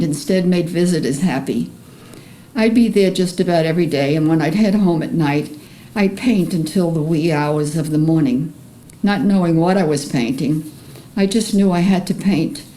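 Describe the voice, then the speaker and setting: Low-voiced older woman with a Bronx accent. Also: mellow, slight background noise, poor audio. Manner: earnest, emotional, measured reading. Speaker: artist presenting her paintings. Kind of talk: reading a personal memoir aloud.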